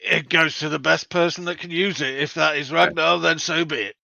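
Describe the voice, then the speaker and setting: A man at a tabletop game with a slightly high, gravelly voice that stays bright and sharp. He chips in with short, dry remarks, recorded close with no echo. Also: steady tone, brisk, dull audio. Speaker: player. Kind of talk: tabletop game role-play.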